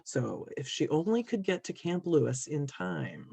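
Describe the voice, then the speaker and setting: A woman from a museum narrating a local history story calmly and clearly, with small fillers. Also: deep voice, unhurried, no echo. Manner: calm, explanatory, with small fillers. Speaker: museum presenter.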